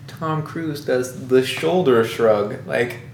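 A man's voice: medium pitch, takes it slowly. Jokey man chatting in an echoey room. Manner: jokey, laughs easily, argues his version. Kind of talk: casual chat, playful banter. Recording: echoey room, faint background noise.

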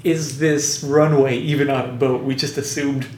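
A man's voice: mid-range voice, fairly even intonation, moderate pace, darkish tone. A man chatting casually and retelling a movie plot, rambling with lots of fillers. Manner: rambling, hesitant, many fillers. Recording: echoey room, faint background noise.

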